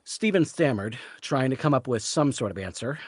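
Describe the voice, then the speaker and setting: A man reading the narration of a story aloud at a live reading, in a steady storytelling manner. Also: medium pitch, moderate pace, husky, dry recording, studio quality. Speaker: reader, narrator.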